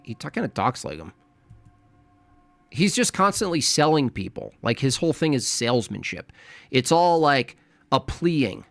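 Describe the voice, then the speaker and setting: Forties male streamer, taunting and argumentative, mid pitch, dry close sound. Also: very animated, moderate pace, vocal fry, a bit bright, no room sound. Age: 40s. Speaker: streamer reacting to clips. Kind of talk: combative live-stream commentary.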